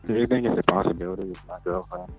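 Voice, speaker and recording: Male caller, very deep, gravelly, quiet and hesitant, muffled line. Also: racing, faint music behind. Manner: hushed, hesitant, nervous.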